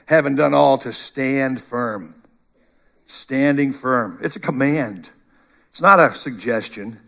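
A middle-aged man preaching a sermon, animated, dropping to a hush and rising to loud bursts. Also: mid-range voice, creaky. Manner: animated, shifts between hushed and shouted. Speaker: pastor.

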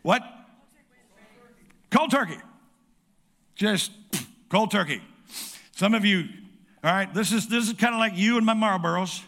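A middle-aged male pastor preaching a lively sermon, calling out to the congregation and acting out quick asides. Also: high-pitched, creaky. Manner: lively preaching with audience call-outs and playful asides.

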